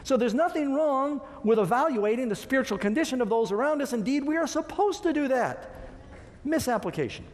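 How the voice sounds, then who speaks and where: Man, preacher, sermon, high voice, emphatic, questions to the congregation, long hall echo. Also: expressive, a little fast. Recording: long reverb of a large hall.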